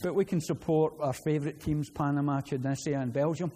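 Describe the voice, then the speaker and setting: Glaswegian preacher in an echoing hall. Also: male voice, fairly high pitch, brisk, a little hiss or hum. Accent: Glaswegian Scottish. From Scotland. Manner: earnest, repeats words when excited. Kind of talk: sermon. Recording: long hall reverb, faint ambience.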